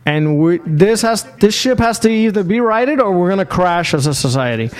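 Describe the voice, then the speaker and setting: A man's voice: high voice, lively intonation, moderate pace. A man co-hosting a casual podcast, telling stories in a rambling, profane way. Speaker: podcast co-host.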